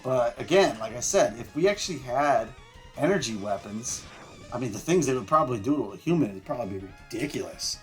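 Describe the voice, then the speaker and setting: Over faint background music, a man streams himself playing a video game, talking in an animated, brisk mid-range voice. His let's-play commentary rambles casually, full of fillers and some mild swearing.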